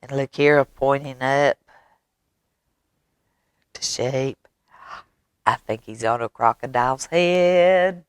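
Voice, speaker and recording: A woman storyteller at a library, reading a picture book to children in a slow, sing-song, animated way. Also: extremely low pitch, clean tone, dry recording.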